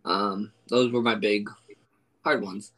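A man's voice: fairly low pitch, steady tone, slow, pushed and bright, poor audio. A man hosting a casual podcast, bantering and joking with friends. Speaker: podcast host.

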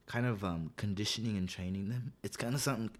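A man's voice: lowish voice, quick pace. A young man and school psychologist chatting casually, rambling with lots of fillers and acting out the quotes in his stories. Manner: rambling storyteller, filler-heavy, acts out quotes. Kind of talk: casual podcast chat.

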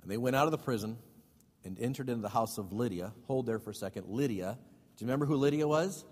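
A man's voice: medium pitch, quick pace, darkish tone. A male pastor teaching a Bible study sermon. He reads scripture aloud and then explains it in casual asides with questions to the congregation. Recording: long hall reverb.

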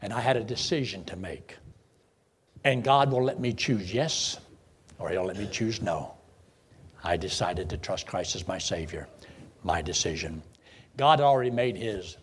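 A man, a preacher telling his conversion story in a folksy way, swinging from loud bursts to hushed lows. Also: measured pace, long pauses, slight background noise. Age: 70s. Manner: folksy storytelling with sudden emotional swells and hushed drops. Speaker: preacher giving his testimony. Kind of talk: sermon testimony.

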